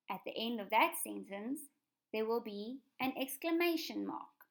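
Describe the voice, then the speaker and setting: A woman teaching a remote lesson to young children in a patient, clear instructional tone. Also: fairly high pitch, lively intonation, unhurried. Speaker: primary school teacher.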